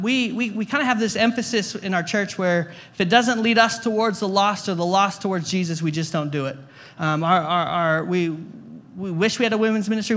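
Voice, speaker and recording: Male guest pastor, young adult, high bright voice, chatty sermon storyteller, trips over repeated words. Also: a little hiss or hum. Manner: stammering restarts, repeats words; conversational, jokey asides.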